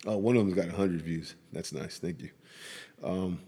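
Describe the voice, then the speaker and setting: A man's voice: low voice, normal speed, dark tone, breathy edge, big-room sound. A man hosting his own podcast, telling a family story in a rambling way and laughing often. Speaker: podcast host. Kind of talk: casual chat.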